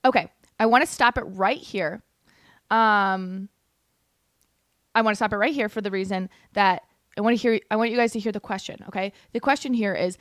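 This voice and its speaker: A woman's voice: medium pitch, moderate pace, a bit bright, no room sound, clean studio sound. A young woman hosting a livestream, reacting to clips with blunt, heated, sarcastic commentary. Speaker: political commentary host.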